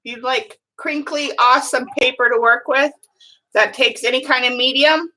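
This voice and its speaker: A woman's voice: high-pitched, steady tone, normal speed, bright, forceful tone, low-quality recording. An older grandmother chatting casually while she crafts, musing aloud with little hums as she works at a home table.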